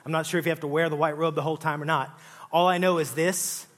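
A pastor preaching a sermon in a conversational, joking way, often saying "listen" and "all right". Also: male voice, a little high, fairly even intonation, fast, a bit bright.

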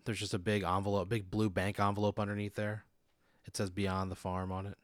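A man with a lowish voice narrating an improvised story in a relaxed, chuckling way. He is recorded close and dry, with no room sound. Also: fast talker, no echo. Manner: laid-back, chuckling, vivid scene-setting. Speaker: podcast host narrating a hypothetical.

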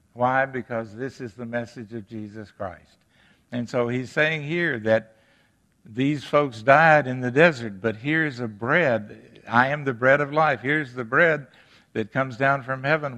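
A man's voice: mid-range voice, unhurried, a bit bright. Earnest male pastor in a reverberant church. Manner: earnest, rhetorical questions to the congregation. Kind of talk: sermon. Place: church sanctuary.

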